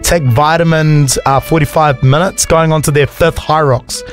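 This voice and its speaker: A man's voice: fairly high pitch, fairly even intonation, moderate pace, faint music behind. A man co-hosting casual breakfast radio, playful and teasing. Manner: playful, teasing, laughs easily. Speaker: radio co-host. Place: radio studio.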